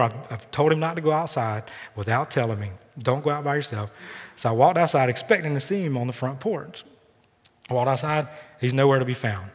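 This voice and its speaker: Guy pastor preaching a sermon, earnest and storytelling, mid pitch, long hall echo. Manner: earnest preaching, shifting into lively personal storytelling. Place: church sanctuary. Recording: long reverb from a large hall.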